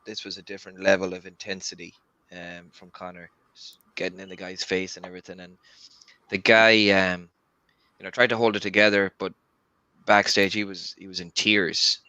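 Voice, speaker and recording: A man speaks earnestly over a video call, stopping and restarting his sentences often. His voice is low yet bright and forceful. The sound is dry, with no room around it. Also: level tone, no echo. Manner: halting, full of restarts and fillers, earnest. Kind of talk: casual chat.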